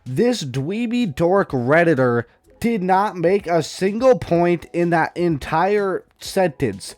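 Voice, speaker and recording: A man's voice: high-pitched, expressive, slow pace, a little mellow, dry recording, faint music behind. A young man hosting a casual news commentary vlog, rambling and snarky, trading playful insults. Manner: rambling, snarky, trash-talking. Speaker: vlog host.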